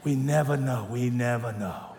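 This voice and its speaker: A man doing a raspy hundred-year-old grandmother. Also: medium pitch, moderate pace, background noise, pitched below the performer's own voice, close to an everyday voice. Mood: stubborn. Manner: quiet, stubborn, fussing. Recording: echoey hall.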